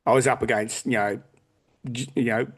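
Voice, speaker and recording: A man's voice: mid-range voice, fairly even intonation, normal speed, slightly rough. A man in his forties, a podcast guest in casual chat who talks bluntly, swears a lot and acts out what people said. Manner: blunt and heavily profane, acting out quotes.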